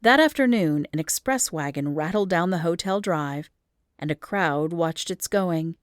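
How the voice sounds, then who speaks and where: A woman reading an old humorous story aloud as an audiobook, lively and expressive in storytelling. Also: lowish voice, measured pace, no room sound, studio quality. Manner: lively storytelling with rising emphasis in action scenes. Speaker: audiobook reader.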